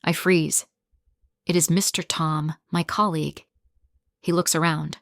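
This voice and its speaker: Slow, clear woman narrating a graded reader. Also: low voice, flat delivery, no room sound, studio quality. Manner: simple short sentences, clear and deliberate.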